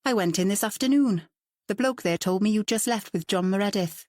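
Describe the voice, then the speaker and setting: A woman's voice: mid-range voice, brisk, darkish tone, no echo, studio quality, voice pushed up, close to an everyday voice. Woman voicing a curt, exasperated man. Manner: curt, clipped replies. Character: reserved man, irritated and exasperated.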